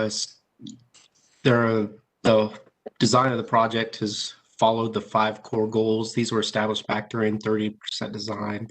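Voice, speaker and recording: A man, a design consultant, presenting a project schedule remotely, steady and explanatory. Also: on the low side. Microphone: dialed in online.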